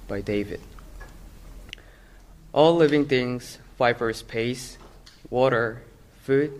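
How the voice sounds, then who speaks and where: A man's voice: mid-range voice, takes it slowly, long pauses. A young man with a Korean accent, a native Korean speaker, carefully reading his own essay aloud.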